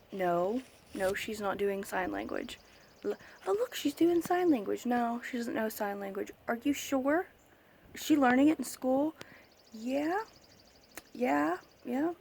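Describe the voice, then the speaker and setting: Young mom venting on her vlog, fed up and emphatic, bit of vocal fry, faint birds in the background. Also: mid-range voice, slight background noise. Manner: exasperated, emphatic, mimics other people. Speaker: vlogger, autism parent. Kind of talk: casual vlog rant.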